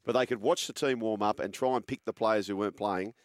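Aussie bloke hosting a footy chat, lowish voice, dry close sound, tells stories with gusto. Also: male voice, quick pace, dry recording. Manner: yarn-spinning, animated. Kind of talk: casual sports chat and storytelling.

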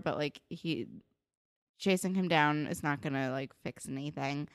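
Brief: woman podcast co-host, slightly low voice, dry close sound, chatty, filler-heavy episode recap. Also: moderate pace, fairly bright tone, no echo. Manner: chatty, filler-heavy, acts out characters' lines. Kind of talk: casual chat recapping a TV episode.

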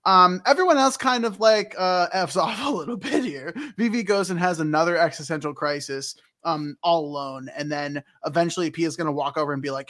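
A man's voice: a little high, fairly quick, hardly any pauses, fairly bright tone. A man co-hosting a casual podcast recap, chatting animatedly and acting out characters in silly voices. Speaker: podcast co-host.

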